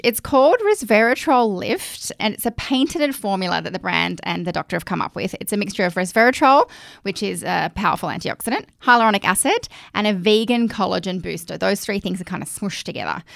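A woman with an Australian accent, co-hosting a casual chat, chatty and animated with laughing asides. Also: mid-range voice, gravelly, no room sound, clean studio sound. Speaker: podcast co-host. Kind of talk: casual chat about skincare.

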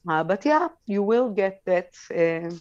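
A woman's voice: medium pitch, animated, a little slow, darkish tone, no room sound, muffled recording. A woman on a talk show giving frank sex advice, laughing easily between points. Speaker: sex educator guest.

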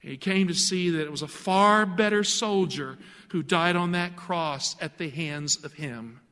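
Male preacher, high-pitched, earnest and emphatic, sermon in a reverberant hall. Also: unhurried, bright, forceful tone.

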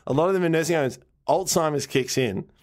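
A man's voice: fairly high pitch, brisk, a little mellow. A man co-hosting a casual chat, telling rambling stories with lots of restarts, laughs and casual swearing. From Australia. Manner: rambling storyteller, restarts sentences, laughs often. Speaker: podcast co-host.

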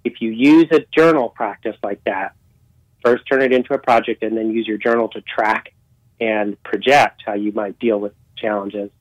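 A man's voice: fairly low pitch, no room sound, rough recording. A man speaking as a guest life coach, earnest and encouraging as he gives advice. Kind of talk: casual interview.

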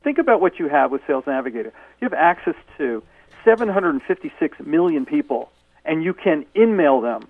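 A man giving brisk, emphatic advice in a phone interview clip. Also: a little high, sing-song, no echo. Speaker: interviewed expert. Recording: tinny phone line.

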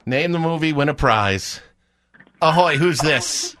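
A man's voice: fairly high pitch, lively intonation, a little slow, a bit bright, dry recording, clean studio sound. A man hosting a radio call-in movie quiz, upbeat and chummy with callers. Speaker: radio host. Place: radio studio.

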